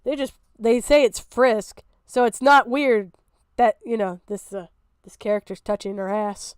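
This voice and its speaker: A young woman streaming her reaction, talking in a high, bright voice with blunt, profane exasperation. Her complaints often climb into shouting disbelief. The sound is dry and close, with no room echo. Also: fairly even intonation, unhurried, clear, resonant tone. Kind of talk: casual reaction commentary.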